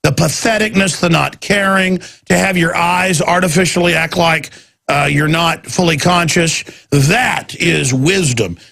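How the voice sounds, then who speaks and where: Gravelly Texan man ranting on talk radio. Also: on the high side, a little slow, bright, forceful tone. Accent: Texas. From Texas. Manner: ranting, mocking impressions. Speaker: radio show host.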